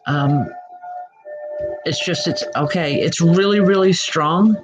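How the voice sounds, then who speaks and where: A woman working as a spiritual medium, giving live online readings in a gentle, halting way and addressing viewers by name. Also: lowish voice. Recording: muffled lo-fi audio with music behind.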